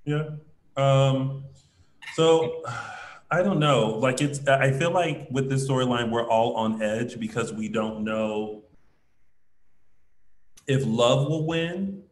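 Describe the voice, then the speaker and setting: A man's voice: mid-range voice, slow pace, pauses often. A man co-hosting a casual chat, reading out viewer comments as he recaps a soap opera. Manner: conversational, reads out viewer comments. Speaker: co-host. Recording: echoey room sound.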